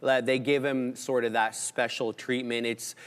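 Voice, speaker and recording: A man co-hosting a live trading stream, calling prices and chart levels in casual, excited commentary. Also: mid-range voice, clear, resonant tone, in a large hall. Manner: excited, rapid ticker and price call-outs.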